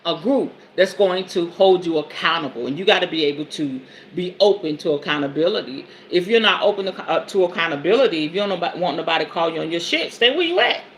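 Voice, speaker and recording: A woman's voice: on the low side, fast, hardly any pauses, slight background noise. A woman in her forties hosting a podcast, reading from a self-help book and breaking off to preach about it in a colloquial, emphatic way. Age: 40s. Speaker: podcast host and spiritual advisor.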